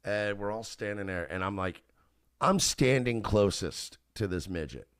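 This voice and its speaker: A male radio host telling a story in casual talk, animated, laughing often and swearing. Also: lowish voice, a little slow, smooth, no room sound, clean studio sound.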